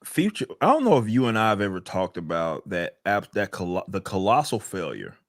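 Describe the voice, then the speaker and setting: A man's voice: low-pitched, big pitch swings, brisk, no echo. Profane ranting man, dry sound. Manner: ranting, profane, repeats words while thinking. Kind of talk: casual podcast chat.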